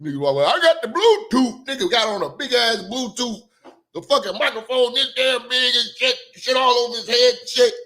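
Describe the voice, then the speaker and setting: A man hosting a livestream, talking casually, loud and profane, joking and laughing often. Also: extremely high pitch, expressive, moderate pace. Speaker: livestream host.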